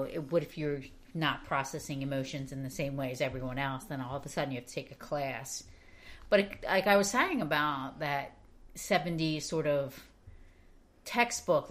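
A woman in casual conversation, thoughtfully giving her views with many hedges and fillers. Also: deep voice. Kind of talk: casual book discussion.

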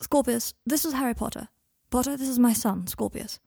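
A woman voicing a gentle, guarded young father, speaking softly and tenderly, with a clipped reserve. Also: on the high side, fairly quick, creaky, breathy edge, dry recording, clean studio sound, voice pushed up. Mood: reserved.

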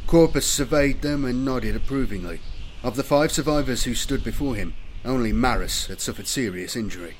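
A man giving steady, measured scripted narration of an audiobook. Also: mid-range voice, a little hiss or hum.

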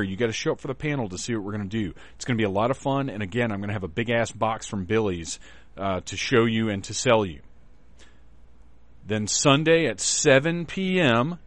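A man hosting a podcast, talking in an excited, profane and rambling way, often restarting his sentences. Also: on the low side, no echo. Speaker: podcast host. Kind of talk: casual podcast announcements.

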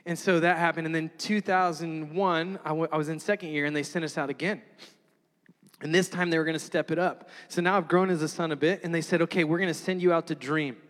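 A man with a fairly high voice tells a sermon story, bouncing between jokes and earnest reflection. His voice rings out with a long reverb from a large hall. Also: brisk. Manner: animated, laughing, self-mocking asides. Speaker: preacher.

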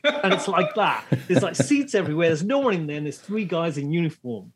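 A man's voice: fairly high pitch, fairly quick. A man from England telling a casual story, acting out the other people's lines in short voices. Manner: animated anecdote with acted-out voices.

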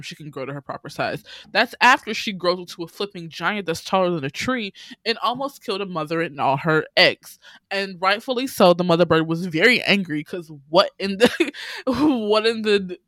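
A woman's voice: lowish voice, fairly bright tone, no echo. A woman in casual chat, animatedly retelling a film and acting out its characters' lines with laughter.

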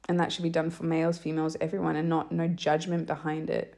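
Candid, swearing woman with a low gravelly voice. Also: completely flat delivery, fast, darkish tone. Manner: candid, rambling, swears freely. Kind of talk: emotional personal monologue. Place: lives in Iceland.

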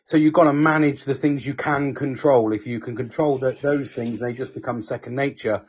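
A podcast host chats casually, offering reassuring advice and calling everyone mate. His voice is medium-pitched, steady and a little mellow with a breathy edge, at a moderate pace, captured in dull lo-fi audio.

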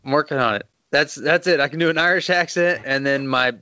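A man's voice: a little high, a little fast, pushed and bright, clear, resonant tone, no echo. A man with a Texas accent hosting a podcast, chatting casually, laughing often and swearing freely. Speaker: podcast host. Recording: dull lo-fi sound.

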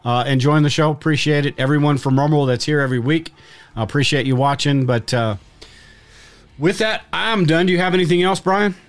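A man co-hosting a casual live stream, talking bluntly and swearing freely, often restarting his sentences. His voice sits a touch higher than most men's. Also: a little fast. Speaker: podcast co-host.

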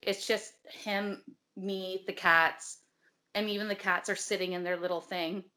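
A woman's voice: medium pitch, fairly even intonation, measured pace, pushed and bright. A woman in casual chat, telling her story animatedly with lots of filler words and some swearing. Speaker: guest telling a ghost story.

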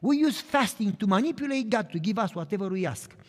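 Earnest male preacher, higher voice, emphatic then hushed; recorded with long hall reverb. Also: expressive, brisk. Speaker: pastor. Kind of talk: sermon.

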